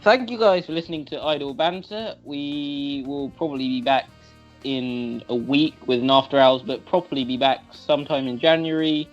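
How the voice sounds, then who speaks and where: A man casually wraps up a podcast in a relaxed, offhand way. His voice sits at a middling pitch. The sound is a bit muffled, with faint music behind him. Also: moderate pace. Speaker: podcast co-host. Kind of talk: casual outro.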